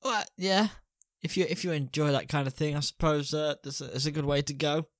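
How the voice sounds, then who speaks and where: A man's voice: on the high side, steady tone, a little fast, no echo, clean studio sound. A man co-hosting a casual film review podcast, bantering crudely with rambling asides. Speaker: podcast co-host.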